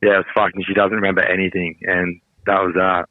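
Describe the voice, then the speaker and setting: A young Australian man on a phone call, telling a story in an animated way, laughing and swearing freely. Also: deep voice, quick pace. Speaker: podcast co-host calling in. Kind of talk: casual storytelling.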